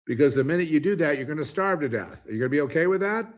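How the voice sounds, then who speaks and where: A commentary host with a medium-pitched voice talks fast and animatedly. Ranting solo on his own show, he rambles emphatically and keeps restarting.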